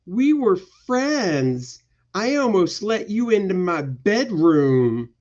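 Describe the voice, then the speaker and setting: A man's voice: high voice, sing-song, takes it slowly, darkish tone, muffled recording, pitched above the performer's own voice, full character voice. A man doing a defiant barbarian warrior woman. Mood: dismayed.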